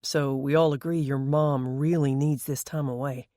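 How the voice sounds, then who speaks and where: Firm, fatherly middle-aged man, deep baritone, read by the narrator. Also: steady tone, moderate pace, warm tone, dry recording, clean studio sound, lightly acted.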